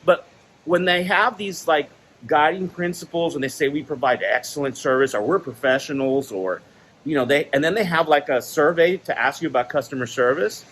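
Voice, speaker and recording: A man's voice: fairly high pitch, normal speed, fairly bright tone, slight background noise, rough recording. A man casually telling personal stories in a monologue, laughing often and acting out the quoted exchanges. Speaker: vlogger sharing stories.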